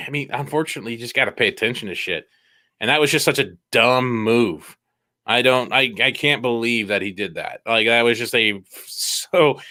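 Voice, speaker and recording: A man rambling through a casual podcast chat, swearing freely and laughing often. His pitch jumps around a lot and his voice is bright, with a dry, close sound. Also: dry recording. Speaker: podcast co-host.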